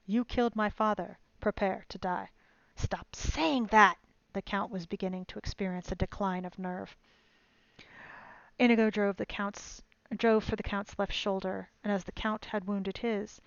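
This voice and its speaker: A woman's voice: mid-range voice, no echo, highs cut off. A woman streamer reading a novel aloud in a dramatic storytelling manner from home. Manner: dramatic storytelling, loud at fight scenes.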